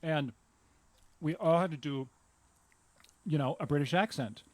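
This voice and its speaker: A man co-hosting a live outdoor show from a theater patio, telling meandering anecdotes in a relaxed chat. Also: fairly high pitch, a little slow, no room sound. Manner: chatty storyteller with meandering anecdotes. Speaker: co-host. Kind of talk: casual chat.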